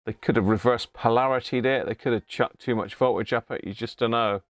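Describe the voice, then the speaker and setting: A man's voice: medium pitch, steady tone, fairly quick, no room sound, studio quality. A man with a southern English accent hosting a casual livestream, chuckling often and answering viewers by name as he looks over old radios at his workbench. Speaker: livestream host restoring vintage radios. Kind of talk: casual live-chat commentary. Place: home workshop.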